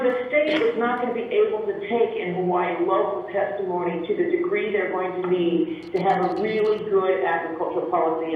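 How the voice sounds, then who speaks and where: High-voiced man testifying in an echoey hall. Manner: earnest, orderly, goes item by item. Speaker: public testifier at a county council. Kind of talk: formal public testimony. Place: council hearing room. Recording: echoey hall from far off, thin phone-like sound, faint hiss.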